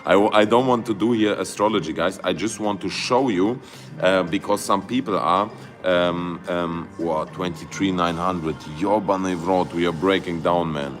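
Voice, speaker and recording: Low-voiced man streaming live chart commentary. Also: moderate pace, music in the background. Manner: excitable, loose grammar, many fillers and "guys". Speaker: crypto livestream host.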